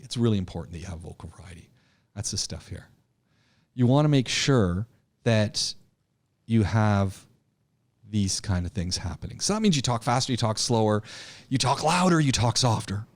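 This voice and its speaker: A man teaching a public speaking class. He talks in an animated way, often repeats words and restarts sentences, and swings between loud emphasis and a low, quiet voice. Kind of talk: classroom lecture.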